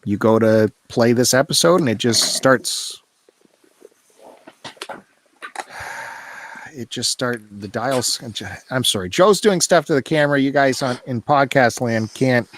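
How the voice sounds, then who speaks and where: A man's voice: mid-range voice, unhurried, pauses often, slight background noise. A man hosting a podcast, chatting casually and teasing his co-host. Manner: teasing, animated, laughs often. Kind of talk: casual chat.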